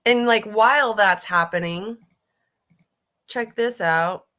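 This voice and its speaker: A woman's voice: mid-range voice, slow, sharp tone. Blunt, swearing woman commentator. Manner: blunt, emphatic, swears freely; restarts and fillers, riled up. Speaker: political commentary host. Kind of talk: casual political commentary, reacting to clips.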